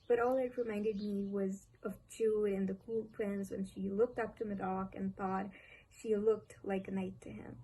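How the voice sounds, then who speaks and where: A woman's voice: medium pitch, mellow, rough recording. A young woman from Pakistan with a Pakistani English accent, chatting casually and gushingly about books on her vlog, often repeating herself for emphasis. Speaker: book vlogger. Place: home, street vendor calls outside. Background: faint street noise.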